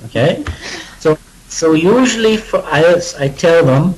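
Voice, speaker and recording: A man's voice: on the high side, animated, measured pace, a little mellow, rough recording. A man with a British accent teaching a pronunciation lesson, modeling words for students to repeat and adding chatty, joking asides. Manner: demonstrative, leads students through word repetition. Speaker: English teacher.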